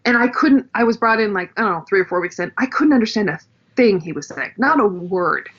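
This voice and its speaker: A woman's voice: medium pitch, fairly quick, muffled recording. A woman, an actress and dialect coach, chatting casually as a podcast guest and acting out dialect sounds. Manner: animated, demonstrates dialect sounds, laughs often.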